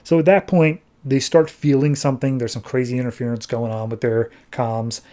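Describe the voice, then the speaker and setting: A man recapping comics on a podcast in a loose, enthusiastic way, with a mellow, relaxed tone. His pitch sits in a middle range and he swears casually. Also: normal speed. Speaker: podcast host.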